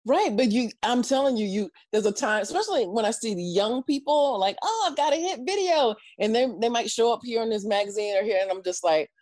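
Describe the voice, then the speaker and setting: A woman guest telling a story in an interview, lively and expressive, acting out voices and laughing often. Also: mid-range voice, fairly quick, few pauses, no room sound.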